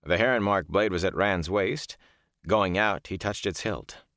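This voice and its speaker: A man narrating an audiobook chapter in an expressive storytelling manner. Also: sits low, measured pace, no echo, clean studio sound. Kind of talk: scripted narration.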